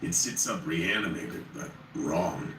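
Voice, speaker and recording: Deep voiced guy telling a spooky story, wry and chatty, bright tone, echoey room from a distance. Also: slow pace. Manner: wry, conversational. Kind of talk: first-person horror story narration. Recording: roomy, distant, faint noise.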